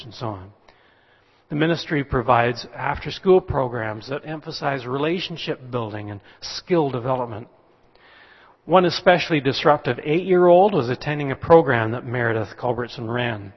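A man preaching a sermon in an easygoing, conversational way, often stopping on fillers as he goes. His voice has a slightly husky edge. The sound is dull and lo-fi, with a long reverb trailing off the walls. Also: on the high side. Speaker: pastor.

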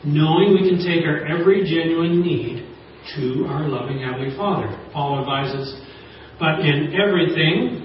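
A man preaching a sermon, reading scripture and stressing each point. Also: fairly high pitch. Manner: emphatic, spells out acrostic points and reads scripture. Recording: echoey, dull, distant recording with faint noise.

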